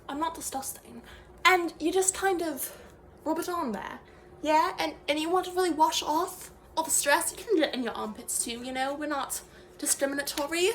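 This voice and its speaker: A young woman plays a pompous fake academic giving a nonsense meditation lesson, rambling through fillers and half-finished sentences. The voice sits high, and a faint hum of noise runs underneath. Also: a bit bright. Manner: mock-serious, rambling, trailing off with fillers. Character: self-serious fake female professor teaching meditation. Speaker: comedy creator. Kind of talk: improvised comedy sketch.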